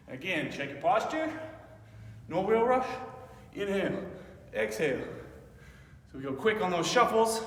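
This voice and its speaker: Leading a workout class, a male fitness instructor sounds upbeat and encouraging, slightly out of breath as he moves and cues breathing. His voice is a little high and fairly bright, heard from afar in an echoey hall.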